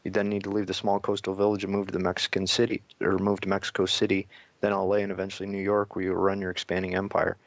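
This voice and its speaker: Deep, fast-talking gravelly host. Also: male voice, completely flat delivery, no echo, dull audio. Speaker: radio host. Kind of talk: casual interview, reading aloud.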